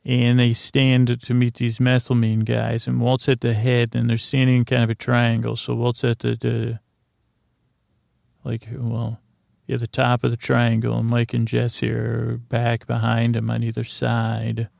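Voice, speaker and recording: A man's voice: medium pitch, completely flat delivery, unhurried, gravelly, a little mellow, no room sound. A man hosting a sleep podcast, recapping a story in a meandering way full of restarts. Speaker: podcast host. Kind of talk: rambling bedtime recap.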